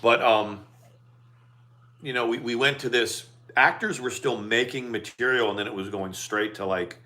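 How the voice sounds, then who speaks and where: A man's voice: mid-range voice, moderate pace, bright, forceful tone. A man chatting casually on a livestream with his wife, teasing and affectionate, drifting into sports talk. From United States. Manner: affectionate, jokey, talks sports. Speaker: livestream co-host.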